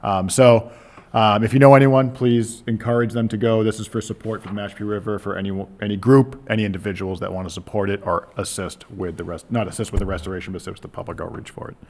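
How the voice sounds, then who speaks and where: A man's voice: on the low side, fairly even intonation, fast talker, a little mellow, slight background noise. A man with a Boston accent giving staff updates at a town meeting, chatty and full of ums. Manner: chatty, filler-heavy. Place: meeting room.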